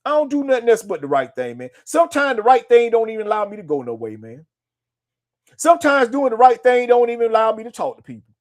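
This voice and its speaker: A man's voice: very high voice, huge pitch swings, quick pace. A man hosting his own show, talking in a laid-back, repetitive way, with "man" at the end of nearly every line. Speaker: show host. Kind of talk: casual motivational monologue.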